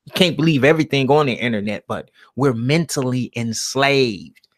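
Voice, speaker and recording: A medium-pitched man streams live by himself from home, talking slowly and contemplatively, his volume ranging from emphatic loudness down to almost a whisper.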